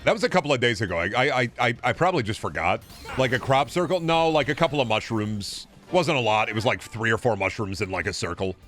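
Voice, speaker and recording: A young man chatting away while he streams a game, cursing freely and tripping over his own restarts as he rambles. His pitch swings lively up and down through the talk. Faint music runs quietly behind him. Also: fast talker. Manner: rambling, profane, stammering restarts.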